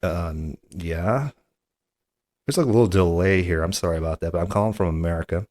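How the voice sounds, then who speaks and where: A man's voice: low voice, a little fast, a little mellow, no room sound. A man hosting a comedy podcast, talking hesitantly with stammers and a skeptical tone. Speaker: podcast host. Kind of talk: comedy podcast prank call.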